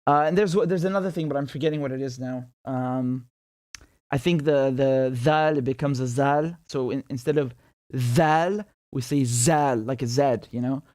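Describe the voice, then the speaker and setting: A man's voice: mid-range voice, steady tone, normal speed, darkish tone, dry recording, studio quality. A man from Syria hosting a casual livestream of political commentary, chatty, with frequent laughs and lots of fillers and restarts.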